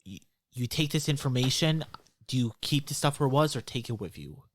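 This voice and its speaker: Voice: medium pitch, expressive, brisk, a little hiss or hum. A game master narrating a tabletop game in a chatty way with many fillers.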